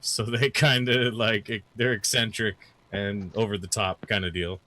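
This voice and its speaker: Guy dming a tabletop game, lowish voice, rambly descriptions with lots of uhs. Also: level tone, bright, forceful tone. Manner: loose, halting description with fillers. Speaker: dungeon master.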